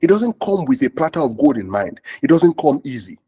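Husky pastor, lively preaching. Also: male voice, mid-range voice, brisk. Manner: repetitive call-and-response, asks "are we together?". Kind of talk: sermon.

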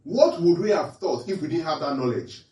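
Male preacher, fairly high and lively pitch, keeps checking if the room follows, recorded echoey and from a distance. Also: moderate pace. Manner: quizzes listeners with repeated questions, animated. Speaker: pastor. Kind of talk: interactive Bible teaching sermon.

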